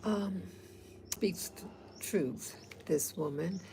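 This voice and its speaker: A woman vlogger with a fairly low, gravelly voice draws out her words as she chats casually to the camera against a noisy background. She rambles and hesitates, using many fillers, and comes from abroad, though not from Africa.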